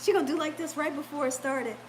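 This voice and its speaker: High-voiced woman telling a lively story. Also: quick pace, a little hiss or hum, rough recording. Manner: animated, laughs often, acts out the people in her story. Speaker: vlogger talking to her live chat. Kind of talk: casual storytelling.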